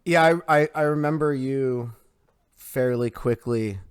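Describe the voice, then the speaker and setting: A man's voice: mid-range voice, clear, resonant tone. A man hosting a podcast in casual interview chat, often restarting his sentences. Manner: halting, frequent restarts. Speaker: podcast host.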